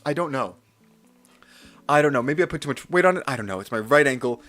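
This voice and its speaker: A man's voice: mid-range voice, lively intonation, quick pace, a bit bright, faint music behind. A young man livestreaming, doing a playful mock-villain rant in casual chat, with frequent restarts. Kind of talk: casual live-stream rant.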